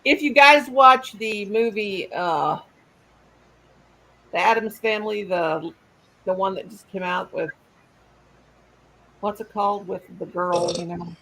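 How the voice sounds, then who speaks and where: Woman live-stream host, husky and creaky, chatty and meandering. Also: medium pitch, slow pace, pauses often, fairly bright tone, low-quality recording. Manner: rambling, trails off mid-sentence. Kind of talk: casual live-stream chat.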